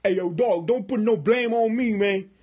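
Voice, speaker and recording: Man putting on swaggering tough guy, loud, slangy, husky, defensive, comedy skit. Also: high voice, normal speed. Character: big tough adult man brushing off blame, swaggering.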